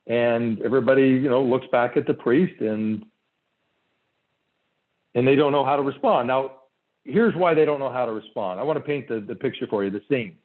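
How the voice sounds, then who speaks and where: A man on a coaching call, telling a story in an animated, conversational way with many fillers. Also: mid-range voice, moderate pace. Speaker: real estate coach. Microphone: call line. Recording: tinny phone-like call audio.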